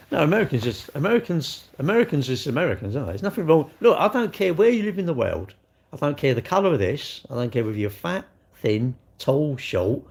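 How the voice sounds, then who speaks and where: A man's voice: a little high, darkish tone. Blunt British man chatting on a livestream. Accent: British English. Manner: blunt, rambling, talks back to chat comments. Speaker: livestream host answering chat. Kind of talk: casual livestream chat.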